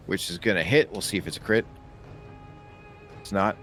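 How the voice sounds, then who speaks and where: A man's voice: low-pitched, normal speed, long pauses, fairly bright tone, soft background music. A man running a tabletop game as game master, narrating combat vividly.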